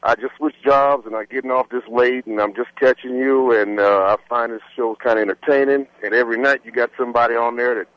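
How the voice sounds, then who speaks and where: A man's voice: mid-range voice, steady tone, brisk, few pauses, no room sound, dull audio. A man calling in to a radio show, easygoing and rambling. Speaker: caller.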